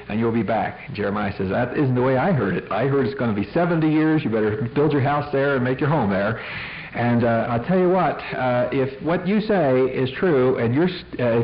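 A man teaching in a folksy, conversational way, slipping into voices as he retells Bible stories. His voice sits at a middle pitch. It comes through a dull, muffled old tape recording. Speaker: Christian apologetics teacher. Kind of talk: informal teaching talk.

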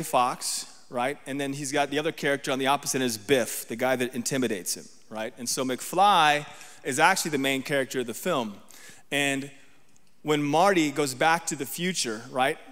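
A man's voice: mid-range voice, normal speed, fairly bright tone. Man preaching in a ringing church hall. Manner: conversational preaching, checks in with the crowd. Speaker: guest preacher. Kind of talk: sermon. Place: church sanctuary.

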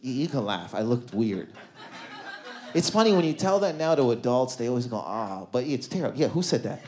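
A man in his thirties doing a stand-up comedy set in a club, loose and conversational, throwing quick asides to the crowd. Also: medium pitch, lively intonation, mellow. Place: comedy club stage before a live audience.

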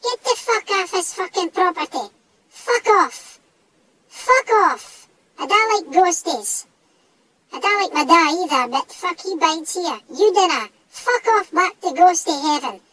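A man voicing a small, cocky, foul-mouthed male dog with a northeast Scottish accent, speaking in a high squeaky voice. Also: lively intonation, a little slow, pushed and bright, slight background noise, full character voice, poor audio. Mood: defiant. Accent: Scottish (northeast, Doric). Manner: sweary, blustering tough talk.

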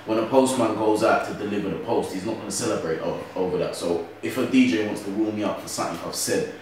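A young London man chats animatedly as an interview guest, checking in with "you get what I'm saying?" between points. His lowish voice comes from some distance from the mic. The room gives it a strong echo. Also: fast talker, a little mellow, a little hiss or hum. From Britain. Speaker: grime MC guest. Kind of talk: casual interview chat.

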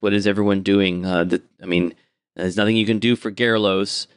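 Low-voiced man narrating as game master. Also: normal speed, clear, resonant tone, no room sound, studio quality. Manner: calm, descriptive narration.

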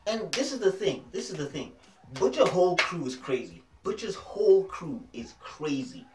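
A man casually reviewing a TV episode in a vlog, excitable and slangy, often repeating phrases. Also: high-pitched, normal speed, background noise. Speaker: TV show reviewer. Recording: roomy echo, distant mic, faint music.

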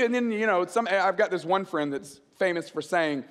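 Pastor man in his 40s, very high voice, lively joking sermon, long church-hall reverb. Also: normal speed, hardly any pauses, clear, resonant tone. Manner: animated, joking storyteller.

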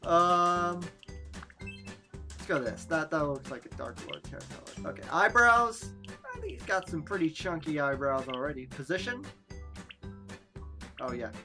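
A woman's voice: sits low, big pitch swings, a little slow, long pauses, sharp tone, faint music behind. A woman giving playful, jokey commentary while playing a video game. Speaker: let's play gamer. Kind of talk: casual gameplay commentary.

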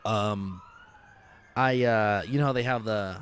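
A man's voice: on the low side, slow pace, slight background noise. A man co-hosting a casual comedy podcast, telling crude stories and laughing often. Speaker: podcast co-host.

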